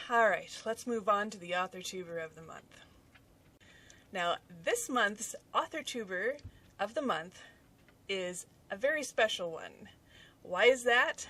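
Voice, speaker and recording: Casting: woman in her 30s, lively home vlogger telling a story, mid-pitched voice, sitting a little back from the mic. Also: a little slow, far from the mic. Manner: animated, dramatic storytelling with big swings in loudness. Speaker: author and YouTuber. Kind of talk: casual storytelling vlog.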